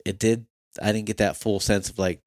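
A man's voice: fairly low pitch, fairly even intonation, moderate pace, a little mellow, no room sound, clean studio sound. A man in casual conversation, telling a story earnestly and acting out his own thoughts.

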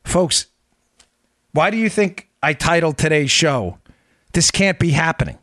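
A man's voice: on the high side, lively intonation, unhurried, fairly bright tone, no echo, clean studio sound. A middle-aged man hosting a political commentary podcast, talking in an emphatic, incredulous way and repeating his points for effect. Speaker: podcast host.

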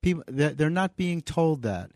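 A man's voice: a little high, sing-song, normal speed, a little mellow, dry recording. A man being interviewed in a radio studio, telling stories in an earnest way. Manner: earnest storyteller. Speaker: guest, comedy writer and author. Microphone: studio microphone.

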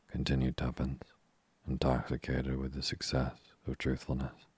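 A man reading a novel aloud in measured, even scripted narration. His voice is extremely deep and flat, with a husky grain. The recording is dry and close. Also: no room sound. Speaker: audiobook narrator.

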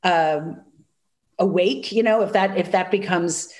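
A woman with a nasal Chicago accent, chatting as a guest and telling animated stories full of acted-out quotes. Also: fairly low pitch, measured pace. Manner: animated storyteller, acts out quotes, many fillers. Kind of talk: casual chat.

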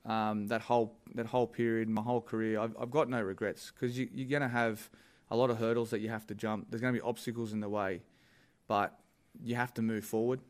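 An Australian man answering questions at a press conference in a measured way, with halting restarts. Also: on the low side, level tone.

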